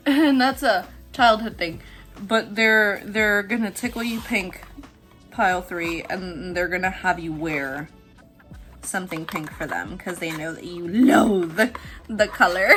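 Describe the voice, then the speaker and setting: Excitable woman tarot reader, hushed to squealing, soft music bed. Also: mid-range voice, a little slow. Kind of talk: casual tarot reading.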